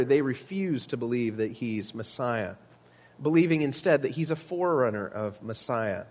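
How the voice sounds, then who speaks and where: A man's voice: mid-range voice, long reverb tail. A man preaching a sermon as pastor, earnest and emphatic, with teaching asides to the congregation.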